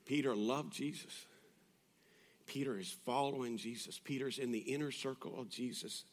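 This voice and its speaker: A male pastor preaching a sermon in a conversational way, moving from hushed, intimate passages to loud, urgent appeals. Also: mid-range voice, normal speed. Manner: conversational, with restarts and asides.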